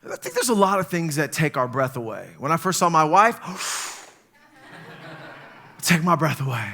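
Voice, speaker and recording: A man with a high, bright, forceful voice preaches a sermon. He tells stories animatedly, jumping into panicked little quotes as he acts them out. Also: big pitch swings, fast talker, vocal fry. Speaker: pastor. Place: church stage.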